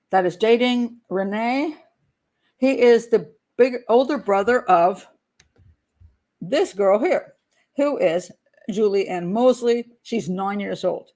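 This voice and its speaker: A woman's voice: fairly high pitch, slow, long pauses, a little mellow. An older woman, a criminal profiler, giving chatty, blunt true crime commentary with sarcastic asides.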